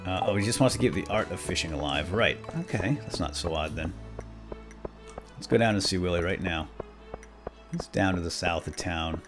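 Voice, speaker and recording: A middle-aged man chats his way through a farming game, his lowish voice leaping up with excitement. His talk is loose and playful. Soft game music runs behind him. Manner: chatty and excitable, bursts of exclamations and laughter. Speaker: let's play host. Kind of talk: casual gameplay commentary.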